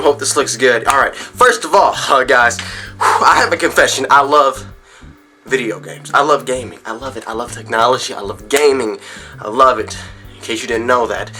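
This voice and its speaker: Male gaming vlogger, bright tone, middle pitch, loose rambling delivery that stumbles and restarts. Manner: rambling, with frequent restarts and repeated words. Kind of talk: casual direct-to-camera rant.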